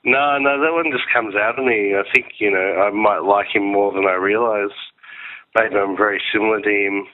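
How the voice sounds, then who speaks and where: A man's voice: lowish voice, steady tone, moderate pace. A man co-hosting a comedy podcast, dropping dry, offhand quips in casual chat. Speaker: podcast co-host. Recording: dull lo-fi line.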